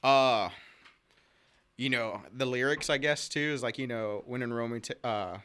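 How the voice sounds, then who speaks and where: A man in his thirties, a podcast guest, telling animated stories in casual chat, laughing often and acting out quoted voices. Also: mid-range voice, normal speed, a little hiss or hum.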